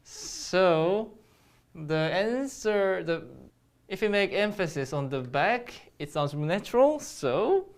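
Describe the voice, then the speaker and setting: Young teacher doing an online grammar lesson, stops a lot, mid pitch, keeps asking the viewer stuff. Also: animated. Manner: hesitant, many pauses, quizzing the viewer. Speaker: Korean language teacher.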